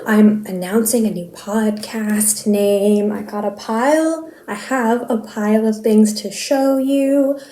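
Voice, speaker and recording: A woman's voice: mid-range voice, slow, few pauses, warm tone. A woman of twenty-six, hosting a knitting podcast in a rambling, self-deprecating casual chat and laughing easily. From Canada. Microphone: filming herself on camera. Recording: echoey room.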